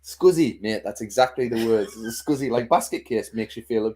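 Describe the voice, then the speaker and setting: A man's voice: medium pitch, lively intonation, normal speed, dark tone, slightly rough. A man co-hosting a livestream in casual chat, laughing often and swearing freely as he banters. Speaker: livestream co-host.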